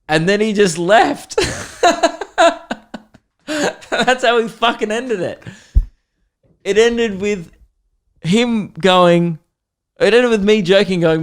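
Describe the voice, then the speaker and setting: A young man tells a comic story on his podcast, acting out each side of the exchange. His voice sits a little high for a man and comes across smooth and clear. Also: unhurried, long pauses. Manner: animated, acts out both sides of the chat. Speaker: comedian podcast host. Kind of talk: storytelling monologue.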